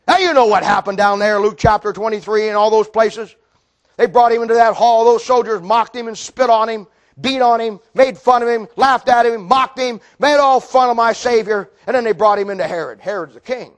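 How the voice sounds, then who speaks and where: An older man preaching with a strikingly high, strained voice. He tells stories dramatically and swings from forceful calls to near-whispers. The delivery is fervent. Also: moderate pace. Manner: fervent, dramatic storytelling, swings loud to quiet. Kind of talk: sermon.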